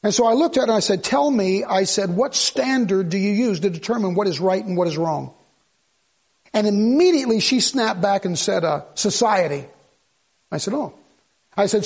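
An older man preaches with emphasis, repeating himself and pushing his voice up in bursts. His voice sits high for a man and carries a gravelly, husky edge. The recording sounds dull and lo-fi. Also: expressive, normal speed, darkish tone. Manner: emphatic, repetitive, conversational preaching with rising outbursts. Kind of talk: sermon.

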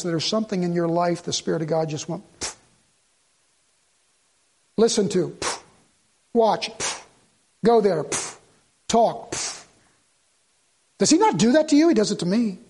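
Pastor, male, middle-aged, higher pitch with a husky edge, storytelling sermon that climbs to fervent peaks. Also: dark tone. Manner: storytelling, rising to fervent emphasis.

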